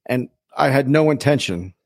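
A man hosting a podcast, telling a story in a casual, animated way, swearing freely and acting out the people he quotes. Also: medium pitch, normal speed, creaky, dry recording, studio quality. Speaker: podcast host.

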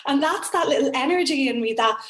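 A woman's voice: high-pitched, fairly quick, poor audio. A woman with an Irish accent, a guest in an interview, telling a personal story earnestly and with feeling. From Ireland. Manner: earnest, emotional, animated storytelling.

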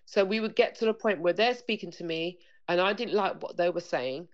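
Guest speaker: woman, slightly low voice, earnest and repetitive, dull lo-fi recording. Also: brisk. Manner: earnest, repetitive, acts out dialogue. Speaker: parenting coach guest. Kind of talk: conversational interview. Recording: dull lo-fi sound.

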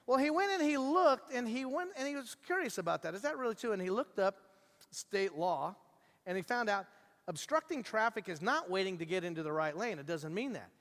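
A middle-aged man preaching a sermon as pastor, telling stories animatedly, acting out the voices in them, and swinging from hushed asides to shouts. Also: sits high, big-room sound.

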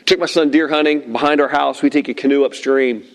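A middle-aged man preaching to a room of listeners at tables, telling a story in a lively way and acting out the lines he quotes. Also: medium pitch, a little fast. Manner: animated storyteller, acts out shouted quotes. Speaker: pastor. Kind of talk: sermon with personal story.

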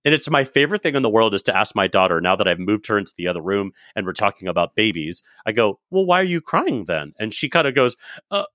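A man's voice: lowish voice, lively intonation, fast talker, fairly bright tone, no echo, studio quality. A man co-hosting a parenting podcast in casual chat, joking and blunt with some swearing. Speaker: podcast co-host.

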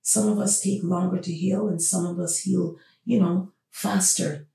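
Woman podcast host, gravelly, mellow voice, emphatic rhetorical questions, echoey room, far from the mic. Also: lowish voice, steady tone, measured pace. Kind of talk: opinionated podcast monologue. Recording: roomy, distant from the mic.

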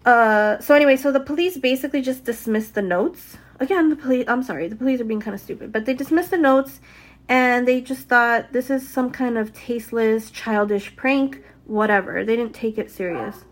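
A young woman with a somewhat high voice, casually retelling a true crime case from home. She talks in a chatty, loose way, swears freely and spells words out letter by letter. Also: normal speed. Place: home with dogs nearby.

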